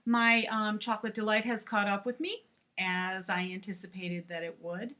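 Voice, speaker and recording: A woman's voice: medium pitch, normal speed, sharp tone. A middle-aged woman chatting frankly to camera in a casual vlog, with many fillers. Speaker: vlogger.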